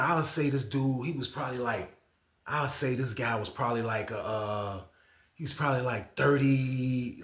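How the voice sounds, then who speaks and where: Guy from virginia rambling thru a story, lots of slang, keeps going "you know what i mean", echoey room. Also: medium pitch. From Norfolk, Virginia. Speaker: storytime channel host. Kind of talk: casual storytime. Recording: roomy echo.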